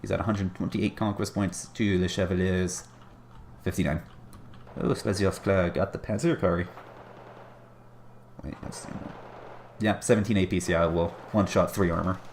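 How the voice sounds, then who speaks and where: A man's voice: sits low, steady tone, normal speed, gravelly, pauses often, slight background noise. A man casting a strategy game match with chatty, wry commentary and self-deprecating asides. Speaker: game caster.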